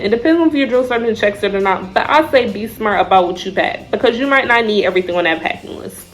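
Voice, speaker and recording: A young woman telling, in a casual vlog, about her time in Army basic training, with frequent fillers and lively drill-call shouts. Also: mid-range voice, rough recording. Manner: animated storyteller, shouts out drill calls; says "like" and "I remember" often.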